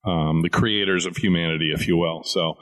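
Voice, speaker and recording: Easygoing guest co-host with a deep low voice, chatty and explanatory. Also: male voice, steady tone, a little fast, fairly bright tone. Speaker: comic shop owner, guest co-host. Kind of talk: casual chat.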